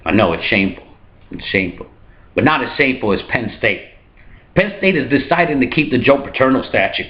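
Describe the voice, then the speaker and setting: A man hosting a satirical comedy news monologue in a hotel room, delivering deadpan jokes and now and then jumping into high mock voices. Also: fairly quick, lo-fi sound. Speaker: comedy news show host.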